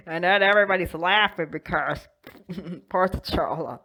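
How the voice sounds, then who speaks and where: A woman hosting a toy channel, telling a fan story in a casual, animated way with frequent giggles. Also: lowish voice, takes it slowly.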